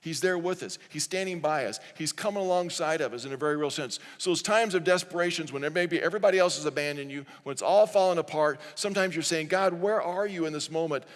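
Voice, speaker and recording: Earnest male pastor, a touch high-voiced, preaching in a big echoing sanctuary. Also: fast talker, hardly any pauses. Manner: earnest preaching, reading scripture aloud with the congregation. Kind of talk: sermon. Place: large church sanctuary.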